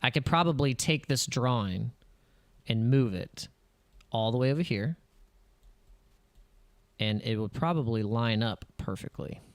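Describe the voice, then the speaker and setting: A man hosting a crypto channel, talking over charts in casual, excitable commentary and acting out panicky investor voices. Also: medium pitch, measured pace, pauses often, no room sound.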